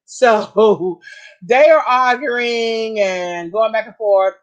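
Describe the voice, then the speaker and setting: A woman's voice: fairly high pitch, drawn-out words, muffled recording. A woman in her fifties, a vlogger, giving casual commentary and recapping a show, reading bits aloud with fillers and restarts. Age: 50s.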